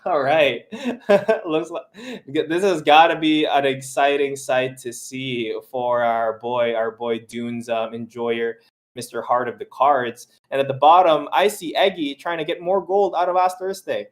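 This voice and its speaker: A young male esports caster calls a live match with upbeat, excitable energy, bantering and laughing easily. His voice is mid-range in pitch and his delivery a little slow.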